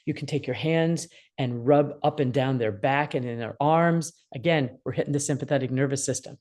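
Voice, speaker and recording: A woman's voice: extremely low pitch, moderate pace. A woman in her sixties, an attorney mediator, explaining parenting advice and acting out what upset teens feel. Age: 60s. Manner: animated, acts out quoted feelings.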